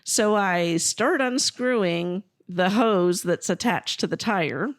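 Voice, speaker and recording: A woman co-hosting a podcast, telling a story in a casual, animated way and swearing freely. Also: mid-range voice, takes it slowly, dry recording, clean studio sound. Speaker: podcast co-host.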